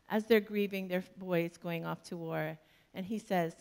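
Casting: woman minister, sermon delivery, slow and gravelly, storytelling with humor. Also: mid-range voice. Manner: storytelling, warm-humored, laughs often.

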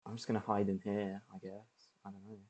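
A man's voice: fairly low pitch, completely flat delivery, brisk, a little mellow, lo-fi sound. A man streaming a video game, chatting casually and laughing often as he plays. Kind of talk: casual gameplay commentary.

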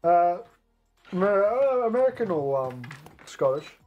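A man's voice: sits high, big pitch swings, measured pace, muffled recording, soft background music. A man co-hosting a casual chat about tabletop games, teasing and laughing. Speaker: co-host.

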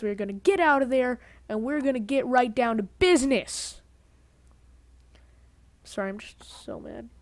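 A woman's voice: fairly high pitch, a little mellow, dry recording. A woman giving casual let's-play commentary on a headset, rambling, grumbling and cutting herself off mid-sentence. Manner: rambling, self-interrupting, grumbling. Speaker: gaming video host.

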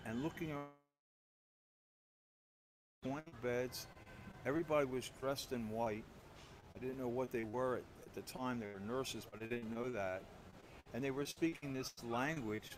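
Guy preaching at mass, chatty self-deprecating storyteller, middle pitch, bit of faint hiss. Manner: self-deprecating storyteller, conversational with frequent restarts. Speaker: priest. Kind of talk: homily. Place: church.

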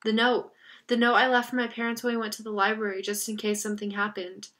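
A woman's voice: mid-range voice, moderate pace, close to an everyday voice. A woman reading a bitter, anxious teenage boy. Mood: alarmed.

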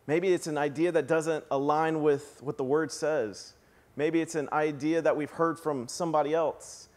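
A male pastor preaching a sermon, animated, acting out the shouting crowd as he tells it. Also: a little high. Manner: animated, acts out excited crowd voices.

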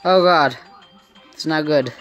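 A man hosting a gaming channel, giving excitable live commentary on his gameplay and often blurting startled exclamations. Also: a little high, slow pace, muffled recording, faint music behind.

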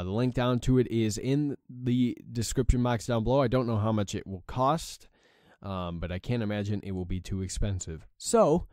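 A man's voice: lowish voice, warm tone, smooth, dry recording, clean studio sound. Exhausted, swearing young man gaming. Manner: swears often, frustrated at the game. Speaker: gaming channel host. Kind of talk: let's play commentary.

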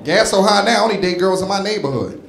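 On a comedy club stage, a stand-up from North Philadelphia talks fast in a high-pitched voice with lively intonation, punchy and conversational as he speaks straight to the crowd. The roomy live recording has background noise and audience laughter.

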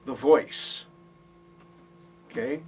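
A man teaching a Bible college class, explaining patiently and checking in with his students, recorded in a classroom from a distance. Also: very slow. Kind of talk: classroom lecture. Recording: voice from far off.

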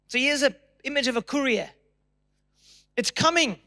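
A man's voice: very high voice, animated, moderate pace, pauses often, sharp tone. A man preaching a sermon to his church congregation, emphatic, and acting out people's prayers in a raised, pleading voice. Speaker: pastor. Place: church auditorium.

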